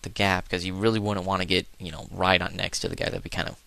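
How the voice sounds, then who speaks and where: A man's voice: low-pitched, level tone, fast, creaky, bright, forceful tone, clean tone, no room sound. A man giving offhand, rambling commentary over a video game, cracking crude jokes and trailing off into mumbled asides. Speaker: let's play commentator. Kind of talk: casual gameplay commentary.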